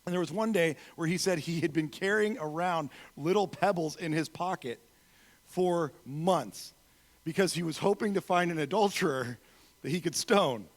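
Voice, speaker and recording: A man giving a sermon as a guest speaker in a church, telling stories with acted-out quotes, swinging from loud emphasis to soft, quiet moments. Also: fairly high pitch, moderate pace. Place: church sanctuary.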